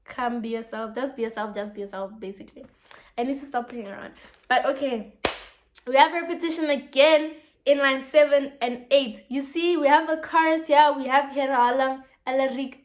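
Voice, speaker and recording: A woman's voice: high-pitched, fairly even intonation, normal speed. A woman explaining a poem in a casual lesson, reading lines aloud and asking rhetorical questions.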